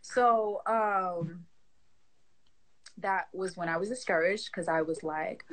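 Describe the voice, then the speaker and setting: A woman in her twenties, a guest in a casual chat, talking in an animated, slangy way and laughing often. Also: lowish voice, slow, long pauses, rough recording. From Haitian family.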